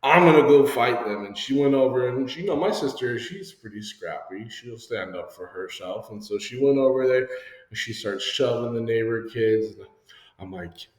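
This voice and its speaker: Man, lively storyteller teaching a lesson, middle-pitched voice, echoey room, long hall reverb. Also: normal speed. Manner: animated storyteller who acts out voices.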